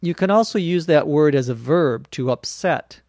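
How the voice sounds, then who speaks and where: A man hosting an English-learning podcast, explaining words slowly and spelling them out letter by letter with frequent "uh"s. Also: a little high, lively intonation, a little mellow, no echo, studio quality. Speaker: English teacher podcast host. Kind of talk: slow explanatory podcast lesson.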